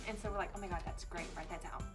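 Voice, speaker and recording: A woman's voice: quick pace, music in the background. A young woman telling a storytime tale in casual chat, acting out her friends' frantic lines. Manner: animated, acts out friends' panicked lines in a high voice. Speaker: vlogger.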